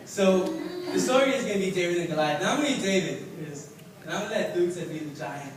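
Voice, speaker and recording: A man leading a church youth game on stage, energetic and joking, laughing often. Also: high-pitched, fast, background noise. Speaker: youth leader running a game. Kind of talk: live church youth talk. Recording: echoey hall, distant mic, loud crowd.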